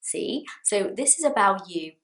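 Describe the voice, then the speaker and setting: A woman's voice: mid-range voice, animated, a bit bright, poor audio. A woman in her thirties, a native Portuguese speaker, teaching English pronunciation in a casual monologue, repeating and drawing out example words. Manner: demonstrates words slowly and repeats them.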